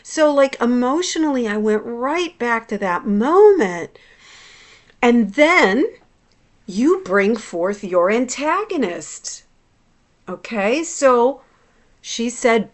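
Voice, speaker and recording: A woman's voice: a little high, big pitch swings, slow. A woman hypnotherapist talking in a casual personal vlog, reflective and confessional, often restarting her sentences.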